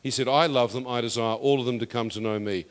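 A man preaching a testimony sermon, emphatic and building to loud declarations. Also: mid-range voice, steady tone, fast, smooth. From New Zealand. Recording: long reverb of a hall.

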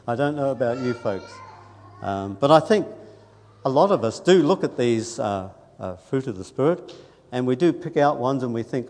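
An earnest man preaching in a church. His delivery is conversational, with quiet asides and emphatic rises. His voice rings with a long reverb from the hall. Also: medium pitch, lively intonation, measured pace. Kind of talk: sermon.

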